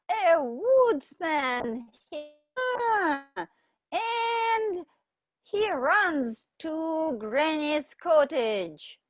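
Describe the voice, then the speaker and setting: Slow, lively woman reading to kids. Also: sits high, no room sound. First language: Russian. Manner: slow, expressive, pointing at pictures. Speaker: English teacher for children. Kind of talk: reading a picture book aloud to children.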